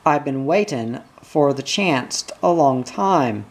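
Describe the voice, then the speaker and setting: A reader doing a guilt-ridden father confessing a crime in weary, shaky words. The voice is husky and slow. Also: mid-range voice, animated. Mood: shaken.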